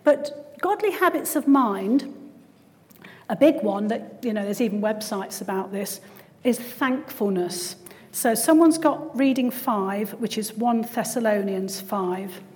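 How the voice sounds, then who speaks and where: A woman's voice: on the high side, expressive, measured pace, darkish tone, big-room sound. A woman giving a conversational church talk, often tagging her points with questions. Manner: conversational, frequent tag questions. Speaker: Christian speaker and GP.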